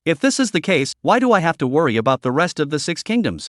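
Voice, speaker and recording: Brief: excitable middle-aged emperor read by a male narrator, fast exclaiming, dry close sound. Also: fairly high pitch, no room sound. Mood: excited. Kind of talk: scripted story narration.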